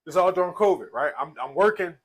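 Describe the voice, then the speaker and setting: A man's voice: high-pitched, animated, fast talker, slightly rough, low-quality recording. A man in casual, slangy conversation, telling an emotional personal story through tears, with many restarts. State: tearful. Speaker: speaker sharing his life story.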